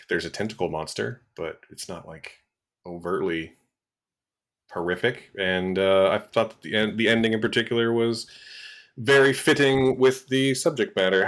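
Podcast co-host, male, lower voice, measured, a little hesitant, summarizing episodes. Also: a bit bright. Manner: measured, hesitant with fillers, explaining. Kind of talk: casual review chat.

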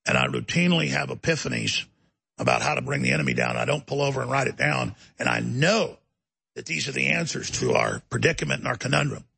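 A man with an intensely gravelly, raspy voice rants through a talk-show monologue, his pitch swinging widely as he pushes each point hard. The sound is close and dry, with no room around it. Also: wildly swooping pitch, fast talker, sharp tone, no room sound. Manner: ranting, emphatic and heated.

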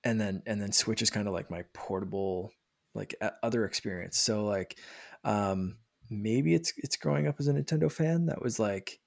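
Gravelly-voiced man hosting a casual podcast. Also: lowish voice, moderate pace, dry recording, studio quality. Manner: rambling, many fillers and restarts. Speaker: podcast host. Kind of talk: casual chat.

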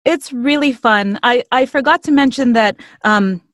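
An energetic woman in her thirties, a voiceover artist chatting as a podcast guest. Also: a little high, a little slow, no echo, clean studio sound. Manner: energetic, upbeat, laughs easily. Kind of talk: casual interview chat.

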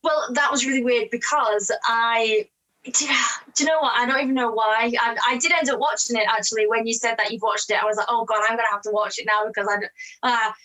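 A woman's voice: on the high side, fairly even intonation, pushed and bright, low-quality recording. Giggly, chatty English woman. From England. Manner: chatty, quick, laughs often. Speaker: actress and guest. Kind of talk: casual interview chat.

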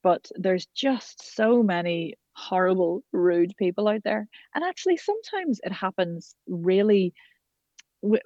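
A woman's voice: mid-range voice, expressive, unhurried, mellow, no room sound. Woman, passionate coach. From Ireland. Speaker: accent coach. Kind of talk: podcast conversation. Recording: dull lo-fi dry sound.

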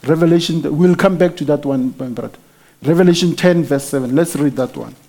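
High-voiced man preaching a sermon. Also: fairly quick, warm tone. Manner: emphatic, frequent hallelujahs and amens, rising to exclamations.

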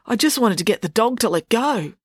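A woman voicing a hot-headed, trigger-happy male animal control officer who turns shrill and panicky, read as an audiobook character voice. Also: expressive, brisk, husky, no echo, studio quality. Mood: dazed.

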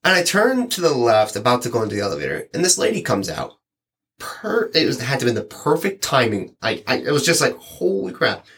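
Man in casual chat, animated storyteller voicing customers' lines. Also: medium pitch, brisk. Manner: rambling, animated, acts out quoted lines. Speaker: delivery driver sharing stories.

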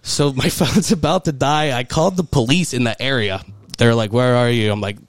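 A man co-hosting a podcast in a studio, telling a long story with lots of laughter and sudden high jumps in his voice when he acts out the panicked moments. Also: moderate pace, dry recording. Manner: animated storyteller, laughs through his words. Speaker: podcast co-host.

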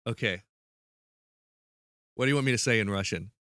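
A man's voice: fairly low pitch, fairly bright tone, no room sound, studio quality. Playful male podcast quiz host. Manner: playful, joking, quick to laugh. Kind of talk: casual podcast chat.

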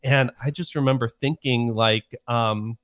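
A man from Chicago casually telling a story, animated and laughing as he talks. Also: mid-range voice, unhurried, no echo, studio quality.

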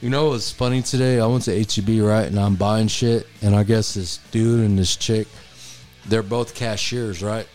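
A man's voice: fairly low pitch, fairly even intonation, normal speed, a little mellow, soft background music. A man co-hosting a podcast, telling rambling crude stories and stumbling over repeated words. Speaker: podcast co-host. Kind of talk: casual crude storytelling.

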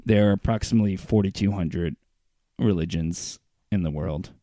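A man's voice: low-pitched, normal speed, dark tone, no echo, clean studio sound. A man co-hosting a casual podcast, talking in a laid-back, rambling way full of fillers. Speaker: podcast co-host.

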